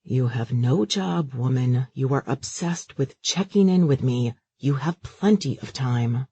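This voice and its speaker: A man's voice: medium pitch, animated, unhurried, dark tone, husky, dull audio. A man voicing an exasperated grown son in an audiobook, weary and fed up. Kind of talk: audiobook character voice.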